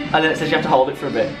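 A young man chatting casually in a vlog, bubbly and jokey, laughing often and jumping up into high squeals. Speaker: vlogger.

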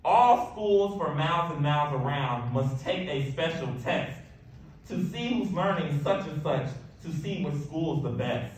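A man voicing an anxious, tearful male school principal in a storybook reading, his voice a little higher than usual. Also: lively intonation, unhurried, recorded from a distance. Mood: worried. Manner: tearful, fretful announcing. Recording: echoey room, voice off-mic, faint hiss.

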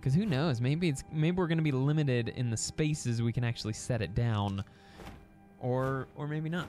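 A man hosting a gaming channel, chatting casually at home through his gameplay with a chatty, excitable manner and frequent stammered restarts. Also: mid-range voice, moderate pace, faint music behind. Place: home recording setup.

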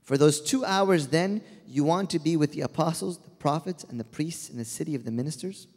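A man voicing a gentle male angel who patiently reasons and consoles. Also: a little high, fairly quick. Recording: long hall reverb.

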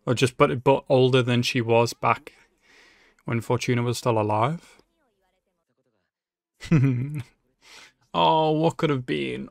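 Slow-talking man reacting to anime. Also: medium pitch, gravelly, no echo, clean studio sound. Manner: emotional, swears freely, talks back to the screen. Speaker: anime reaction channel host. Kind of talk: live reaction commentary.

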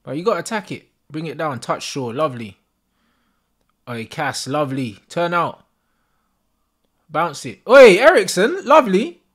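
A young man giving a live, sweary football watch-along, shouting at players and the referee in street slang. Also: on the high side, sing-song, unhurried, pauses often. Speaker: football fan streamer.

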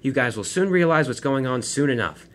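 A man's voice: medium pitch, lively intonation, fairly quick, fairly bright tone, natural voice. A man voicing a bossy railway controller who talks brusquely and impatiently. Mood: stern.

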